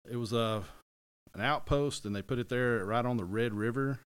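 On a podcast, a middle-aged man with a mid-range voice speaks at normal speed in a clean tone with no room sound. His casual chat wanders, and he keeps correcting himself and joking.

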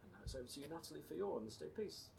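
A man hosting a show, presenting facts in a dry, measured way. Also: fairly high pitch, animated, vocal fry, a little mellow, a little hiss or hum. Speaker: host.

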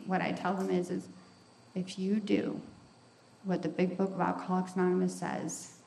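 A woman's voice: lowish voice, gravelly, slight background noise. A woman talking frankly and with self-mocking humor about recovery, often tagging lines with "right?". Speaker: recovery program speaker. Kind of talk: candid talk on recovery. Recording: roomy echo, faint ambience.

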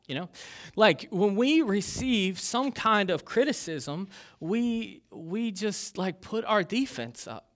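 Lively, joking young male pastor. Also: high-pitched, slow. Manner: joking and self-deprecating, with many fillers. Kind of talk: casual sermon.

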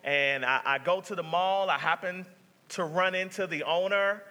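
A man's voice: high-pitched, moderate pace, pushed and bright. A male pastor telling a story in a sermon, talking conversationally with many restarts. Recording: reverberant sanctuary sound.

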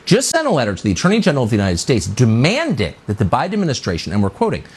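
A male host delivers a sarcastic, indignant monologue with dramatic swings in pitch. His voice is husky and a little breathy, and he leans hard on key words. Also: wildly swooping pitch, racing, hardly any pauses. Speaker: commentary show host. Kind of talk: opinion monologue.

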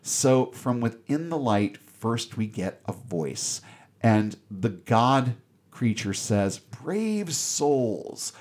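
A man's voice: lowish voice, slow pace, darkish tone. A man hosting a podcast, recapping a film in casual, sarcastic and irreverent commentary.

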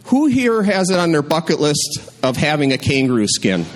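A man's voice: a little high, normal speed. Wry man telling a story on stage. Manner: conversational, wry and deadpan.

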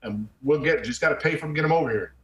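A former army man in middle age talks rapid-fire in a slightly high voice. His interview storytelling is candid, blunt, and conversational, sprinkled with "man" and the odd curse, and the audio carries a roomy echo.

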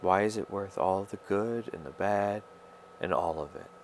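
Speaking to camera in a wandering, personal way, a man with a deep voice stammers and halts while searching for his words. A slight hiss or hum is audible.

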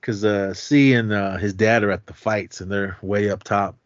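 A man's voice: lowish voice, moderate pace, no room sound. A man co-hosting a podcast, casually recapping a movie scene by scene with lots of swearing and laughter. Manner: profane, animated retelling with frequent laughs. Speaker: podcast co-host. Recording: dull, dry lo-fi podcast mic.

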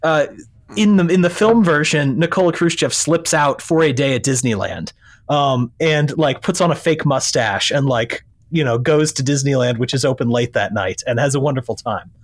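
A man's voice: mid-range voice, moderate pace. A man in his thirties telling a rambling story as a podcast guest, casual and full of fillers. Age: 30s. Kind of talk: casual chat.

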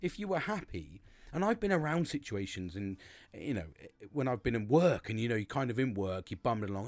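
A man's voice: medium pitch, darkish tone. A man talking through a casual motivational monologue, rambling and repeating himself, swearing freely.

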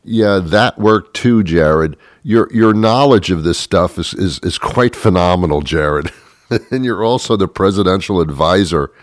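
A man's voice: deep voice, measured pace, dry recording, studio quality. A man hosting a show, delivering a sarcastic political monologue and chuckling often as he mocks. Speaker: political commentary host.

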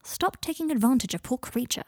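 A woman's voice: high voice, animated, fairly quick, dry recording, pitched above the performer's own voice. A woman voicing a blunt, dryly teasing young wizard man in an audiobook story reading, close to her own voice. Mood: wry. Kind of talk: audiobook fan fiction reading.

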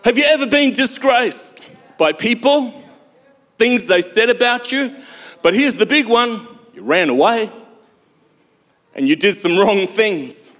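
A male pastor preaching a sermon, emphatic, with dramatic pauses and sudden loud swells. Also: high voice, animated. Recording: long hall reverb.

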